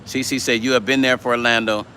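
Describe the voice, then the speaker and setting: A man's voice: mid-range voice, flat delivery, quick pace, pushed and bright, a little hiss or hum. A man chatting casually on a livestream, reading viewer comments aloud and talking bluntly with plenty of swearing. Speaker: vlogger hosting a livestream.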